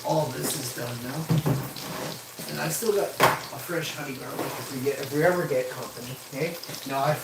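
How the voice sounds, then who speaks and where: A man's voice: mid-range voice, normal speed, recorded from a distance, heavy background noise. A man streaming live from his kitchen while he cooks, rambling in crude, heavily sworn casual chat. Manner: rambling, crude, heavy swearing. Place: home kitchen while cooking. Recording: echoey room with loud frying sizzle. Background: frying food sizzling.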